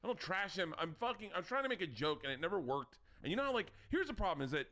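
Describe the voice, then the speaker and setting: An excitable man trades loud, laughing banter as a comedy podcast co-host. His pitch swings widely as he talks. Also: fast talker.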